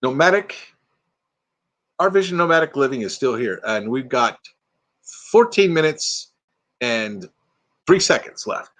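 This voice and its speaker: Sleepy, playful older man, lively pitch. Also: measured pace, pauses often. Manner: playful and rambling, slipping into silly voices. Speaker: live-stream host. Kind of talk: casual live-stream chat. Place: inside an RV.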